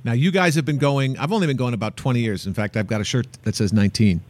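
A man hosting a podcast in casual chat, relaxed and talkative with frequent fillers. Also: medium pitch, fast talker. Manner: relaxed, chatty, hesitant fillers. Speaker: podcast host.

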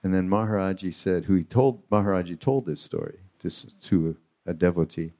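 A man hosting a podcast live on a retreat stage, telling a spiritual story in an animated way. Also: low voice, fairly quick, hardly any pauses. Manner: animated storyteller acting out quotes. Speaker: podcast host.

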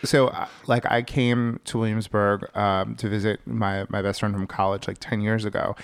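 A male podcast guest in casual chat, telling wry stories in an animated way. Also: lowish voice, normal speed, vocal fry, clean tone.

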